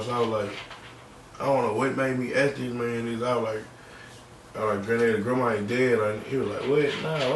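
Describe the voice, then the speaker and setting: A young man in a podcast interview, telling a personal story in a halting, slangy, subdued way. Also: lowish voice, far from the mic. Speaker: podcast guest. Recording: roomy, off-mic, faint background noise.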